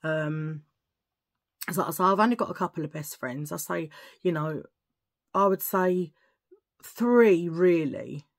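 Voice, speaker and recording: A woman's voice: lowish voice, takes it slowly, pauses often. A woman chatting casually to her viewers in a rambling way, often murmuring to herself. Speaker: vlogger. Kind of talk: casual chat to camera.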